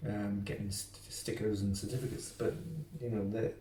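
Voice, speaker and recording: A man hosting an interview, asking relaxed conversational questions. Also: on the low side, moderate pace, distant mic. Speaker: podcast host. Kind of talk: casual interview. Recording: roomy echo, off-mic, faint noise.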